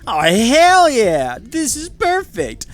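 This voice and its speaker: A man's voice: very high voice, drawn-out words, bright, forceful tone, faint music behind, voice pushed up, exaggerated voice. A man voicing a greedy, scheming male tinkerer who boasts of riches, smarmy with a drifting southern twang. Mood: gleeful.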